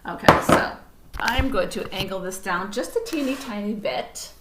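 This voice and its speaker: A woman's voice: medium pitch, animated, moderate pace, noisy background. Woman cooking instructor, casual and chatty, talks to herself as she cooks; roomy kitchen, mic a little far off. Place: home kitchen. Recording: roomy kitchen sound from a distant camera mic.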